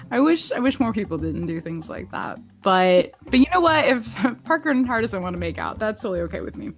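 A woman co-hosting a podcast, chatting casually about a TV episode with frequent laughs and quick asides. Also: fairly high pitch. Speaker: podcast co-host. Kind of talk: casual chat recapping a TV episode.

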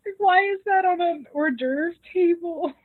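A woman co-hosting a podcast, casually recapping an episode in an animated way with laughter. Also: very high-pitched, unhurried, no echo. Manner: animated, laughing, acts out quoted lines. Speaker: podcast co-host. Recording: tinny phone-like dry sound.

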